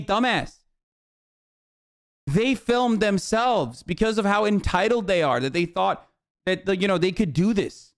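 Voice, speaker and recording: A man's voice: sits high, clear, resonant tone. A man streaming a reaction to a documentary, ranting in a heated, profane, sarcastic way. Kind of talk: casual reaction commentary.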